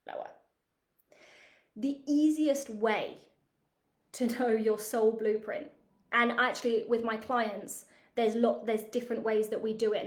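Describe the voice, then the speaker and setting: A woman in her thirties teaching a spiritual masterclass in a chatty, animated way, often checking in with "right?". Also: fairly high pitch, reverberant. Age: 30s.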